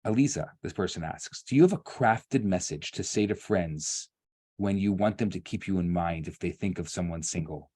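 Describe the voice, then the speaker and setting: A man's voice: sits low, moderate pace, warm tone. A man co-hosting an online workshop, reading audience questions aloud and praising the answers. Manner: enthusiastic, praising. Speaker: rabbi and workshop co-host.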